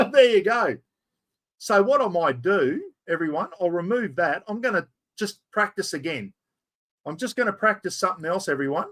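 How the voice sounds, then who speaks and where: This livestream host is an Australian man whose high voice sounds animated at a normal speed. Chatty and self-mocking, he talks to his viewers while struggling with the software on his computer.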